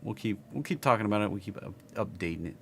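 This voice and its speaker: A man's voice: on the low side, animated, fast, gravelly, a little hiss or hum. A man with a Southern US accent giving casual live market chart commentary, rambling and thinking aloud as he works. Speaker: market analysis streamer.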